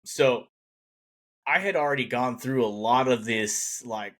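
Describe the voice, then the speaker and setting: Man, podcast host, casual chat, relaxed, mid pitch. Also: measured pace. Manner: relaxed, laughing along.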